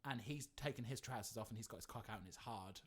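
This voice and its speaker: A woman co-hosting a podcast, telling an animated story in casual chat, swearing freely and saying like a lot. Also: extremely low pitch, quick pace, slightly rough. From England. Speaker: podcast co-host.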